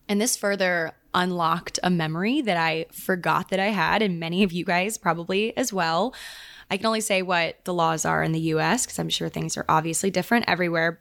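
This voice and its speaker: A young woman hosting her own podcast, talking in a loose, chatty way with plenty of "like" fillers and quick laughs. Her voice sits a little lower than most women's. She sounds relaxed and conversational rather than scripted. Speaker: podcast host. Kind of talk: casual chat.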